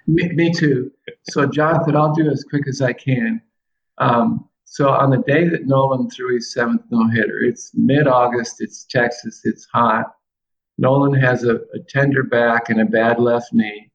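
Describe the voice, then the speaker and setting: A man telling a long anecdote on a talk show, animated, quoting people with restarts along the way. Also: mid-range voice, creaky, muffled recording. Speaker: guest storyteller, former baseball coach. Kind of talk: casual storytelling on a talk show.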